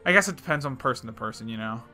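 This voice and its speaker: A young man co-hosting a podcast, making edgy jokes with sarcastic, deadpan asides in casual chat. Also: medium pitch, very fast, soft background music. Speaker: podcast co-host.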